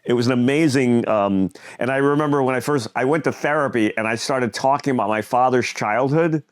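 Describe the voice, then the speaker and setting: A man co-hosting a comedy podcast, telling a personal story in a reflective, halting way. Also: mid-range voice, no room sound, clean studio sound. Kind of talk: casual podcast chat.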